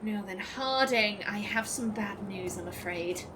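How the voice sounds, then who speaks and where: A woman's voice: mid-range voice, a little slow, a bit bright, faint music behind. A woman giving casual, chatty gameplay commentary as a let's play host, politely apologizing to game characters.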